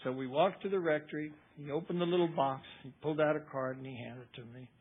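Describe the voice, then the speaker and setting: A man's voice: a little high, quick pace, husky. An older man giving a personal recovery testimony, telling his story in a folksy way and acting out the people he quotes. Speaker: recovery speaker. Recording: tinny phone-like recording.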